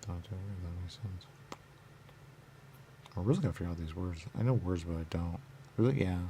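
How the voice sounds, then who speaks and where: Background noise sits under this deep, fairly quick male voice as he muses repetitively and circularly, posing questions to himself and then answering. Words recur, and he suddenly slips into whispers.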